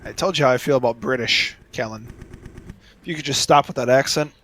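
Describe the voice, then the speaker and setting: A man's voice: medium pitch, brisk, a bit bright, a little hiss or hum. A man co-commentating a motocross stream, teasing his co-hosts with sarcastic jabs. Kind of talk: casual banter commentary.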